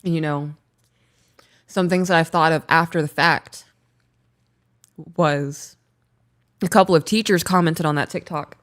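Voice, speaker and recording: A woman in her thirties, co-hosting a casual chat and telling a story in an animated way, laughing as she talks. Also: sits low, measured pace, long pauses. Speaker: podcast co-host.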